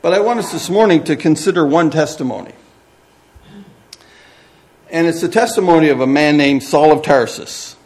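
A man's voice: a little high, normal speed, pauses often, darkish tone. A man preaching a sermon as pastor, earnest and often repeating words as he goes.

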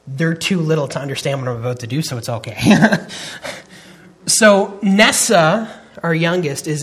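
A man's voice: fairly high pitch, breathy edge. A man in his thirties preaching a sermon, earnest and emphatic, often restarting his phrases. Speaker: pastor.

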